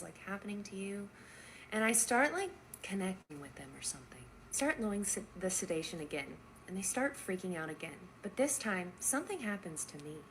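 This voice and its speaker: A young woman, a nurse, telling a story casually and acting out the dialogue with lively swings in her voice. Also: a little hiss or hum. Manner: animated, acts out quoted dialogue with big pitch jumps.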